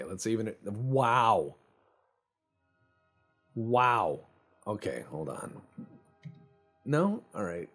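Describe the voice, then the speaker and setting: A man hosting a let's play, rambling in casual, profane, joking gameplay commentary. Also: low-pitched.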